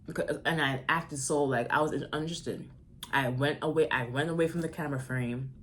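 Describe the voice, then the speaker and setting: A young woman vlogger telling a story in a casual, sassy, animated way. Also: low voice, fairly quick, a little hiss or hum.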